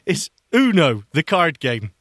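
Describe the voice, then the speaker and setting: A man's voice: fairly high pitch, sing-song, extremely slow, a bit bright, husky, dry recording, studio quality. Indignant, theatrical man. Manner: indignant, mock outraged, theatrical. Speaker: podcast co-host. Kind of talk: casual chat playing a game.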